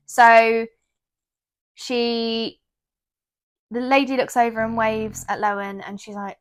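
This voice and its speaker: A woman's voice: fairly high pitch, flat delivery, a little slow. A woman, casually retelling a novel's plot on a podcast and quoting its characters. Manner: chatty retelling, quotes characters. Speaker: podcast co-host. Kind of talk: casual book chat.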